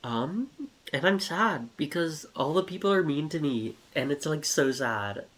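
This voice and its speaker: A man's voice: a little high, animated, a little slow, fairly bright tone, pitched above the performer's own voice. A man voicing a sad, lonely male turtle who whimpers and pities himself. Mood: whiny. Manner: whimpering, self-pitying.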